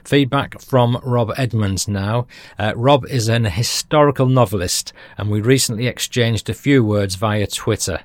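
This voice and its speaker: A man's voice: mid-range voice, unhurried, no room sound, clean studio sound. A man from Britain hosting a history podcast, reading out listener feedback in a chatty way and chuckling at his own jokes. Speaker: podcast host.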